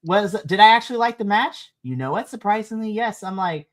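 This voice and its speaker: Animated wrestling podcast co-host. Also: a little fast. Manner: animated, lively swings in pitch, laughs often. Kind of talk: casual wrestling review chat.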